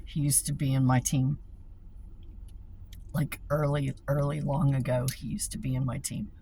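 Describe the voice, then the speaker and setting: A woman's voice: extremely low pitch, flat delivery, moderate pace, warm tone, slight background noise. A woman vlogging a casual rant, swearing freely, laughing often and repeating herself.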